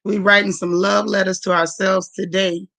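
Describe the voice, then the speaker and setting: A woman's voice: mid-range voice, flat delivery, moderate pace, creaky. A woman hosting a casual livestream, greeting viewers by name and calling them sis and y'all. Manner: warm, chatty, calls viewers sis and y'all. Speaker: livestream host.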